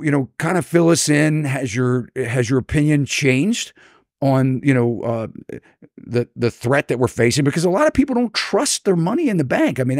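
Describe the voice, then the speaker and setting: A man's voice: mid-range voice, darkish tone, no echo, studio quality. An American man hosting an interview, asking long rambling questions with many fillers and restarts. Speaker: podcast host, real estate broker.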